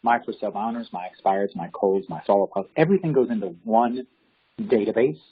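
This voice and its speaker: A husky-voiced man talks about real estate work in a relaxed interview. He tells his stories with animation and acts out the people in them. The recording sounds dull and lo-fi. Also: lowish voice, fast talker. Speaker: real estate agent guest. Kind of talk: casual interview storytelling. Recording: dull lo-fi audio.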